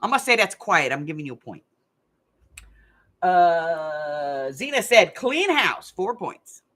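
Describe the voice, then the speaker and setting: A woman's voice: on the low side, big pitch swings, slow pace, fairly bright tone. Chatty, rambling middle-aged woman. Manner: chatty, rambling, laughs often. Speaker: host of a craft channel live game. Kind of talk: casual chat and storytelling. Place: hot room at home.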